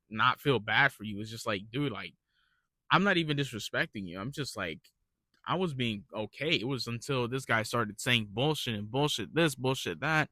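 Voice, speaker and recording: A man's voice: mid-range voice, sharp tone, no echo. Young man rambling through retail rants. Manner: rambling, ranting, swears freely. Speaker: retail worker telling stories. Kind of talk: casual storytelling monologue.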